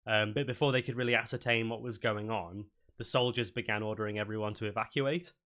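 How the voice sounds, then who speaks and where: A man's voice: fairly low pitch, steady tone, fast talker, a bit bright. A man running a tabletop game as dungeon master, narrating loosely with many fillers.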